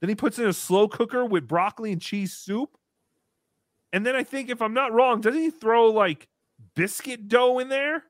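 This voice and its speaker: A man in his thirties hosting a livestream, reading donations and joking around in a casual, animated way. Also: very high-pitched, normal speed, dry recording, studio quality. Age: 30s. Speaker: livestream host.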